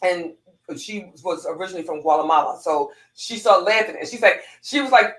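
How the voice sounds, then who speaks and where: A woman's voice: medium pitch, steady tone, brisk, a bit bright, echoey room, poor audio. A woman, a former police corporal, telling a heartfelt personal story with lots of restarts and repeats.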